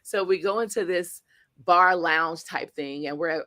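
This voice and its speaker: Bright, animated woman coach telling stories. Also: lowish voice, measured pace, no echo. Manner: animated, acts out quotes, addresses audience. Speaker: guest speaker and coach. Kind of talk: storytelling interview.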